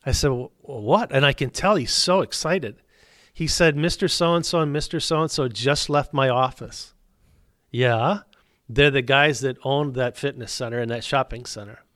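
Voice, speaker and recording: A man's voice: mid-range voice, normal speed, fairly bright tone, no room sound, studio quality. A middle-aged man, a business owner telling his faith story as a guest, acting out both sides of the dialogue. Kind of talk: storytelling testimony.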